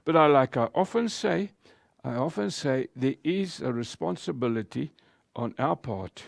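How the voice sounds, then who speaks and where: A man preaching a sermon as pastor, speaking in a slow, emphatic way with deliberate pauses. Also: medium pitch, lively intonation, creaky, no echo, clean studio sound.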